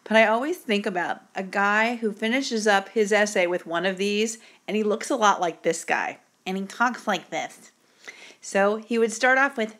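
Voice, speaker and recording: A woman's voice: mid-range voice, normal speed, fairly bright tone. Upbeat woman teacher giving a video lesson. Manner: upbeat, encouraging, direct instructions.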